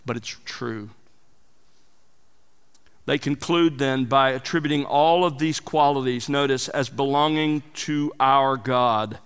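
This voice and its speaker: A man's voice: a little high, a bit bright, clean tone, in a large hall. A man preaching an expository sermon, teaching verse by verse with emphatic rises and drops for emphasis. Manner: emphatic, rising and falling for emphasis. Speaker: pastor.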